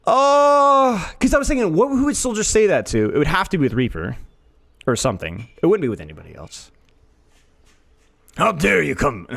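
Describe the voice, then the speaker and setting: Man, quiz contestant, stammers a lot, self-mocking, raised voice with wild swings in pitch. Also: very animated, fairly quick, fairly bright tone. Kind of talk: casual gaming quiz banter.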